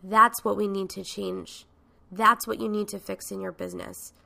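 Bright, gravelly-voiced woman coaching. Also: mid-range voice, fairly even intonation, normal speed. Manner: frank, emphatic, casual swearing. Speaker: podcast host and coach. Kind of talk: motivational talk.

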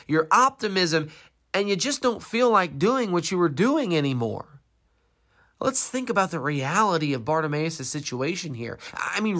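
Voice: mid-range voice, fairly bright tone. A preacher giving a sermon, retelling a Bible story with rhetorical questions and dramatic emphasis.

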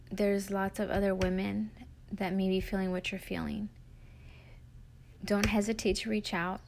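A woman's voice: medium pitch, creaky. A woman hosting a podcast for moms, talking in an earnest, faith-filled way as she encourages her listeners. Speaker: podcast host, mom coach. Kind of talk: heartfelt encouraging podcast talk.

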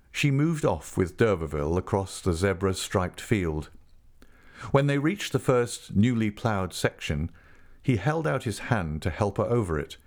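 A man reading a classic novel aloud as narrator, measured and deliberate. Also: deep voice, a little mellow. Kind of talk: audiobook reading.

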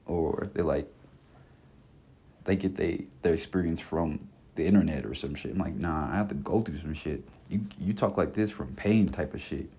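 A man in his twenties hosts a solo podcast, ranting bluntly and passionately with plenty of slang and cursing, and he keeps circling back to repeat his points. His voice rumbles low and sounds mellow with a slight roughness, moving at a normal speed.

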